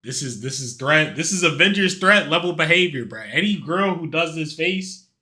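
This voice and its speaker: A man's voice: on the high side, animated, moderate pace, sharp tone. A man casually commenting on a video as a streamer, slangy and joking.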